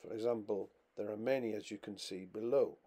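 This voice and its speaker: A man narrating a scripted English pronunciation lesson, reading out example words slowly and with clear stress. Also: lowish voice, steady tone, mellow.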